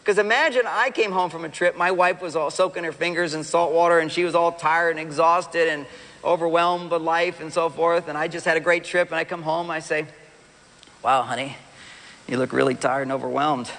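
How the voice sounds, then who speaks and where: A man giving a lively live seminar talk, speaking straight to the audience and acting out what partners say. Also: on the high side, a little fast. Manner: animated, acts out quoted partners and addresses the audience directly. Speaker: relationship speaker. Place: large hall with a live audience. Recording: long hall reverb.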